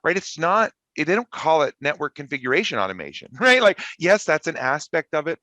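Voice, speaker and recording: A man's voice: a little high, very animated, brisk, sharp tone, no echo. A man speaking as an interview guest, talking enthusiastically and expansively about his work. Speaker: guest network engineer. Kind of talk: conversational interview.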